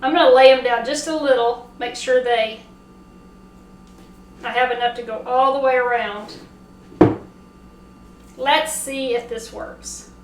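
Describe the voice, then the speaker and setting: Southern lady baking pies, high voice, slow and chatty, echoey kitchen, a bit far from the mic. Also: a little hiss or hum. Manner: chatty, excitable, talks to herself while working. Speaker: cooking show host. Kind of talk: casual cooking demo. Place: home kitchen.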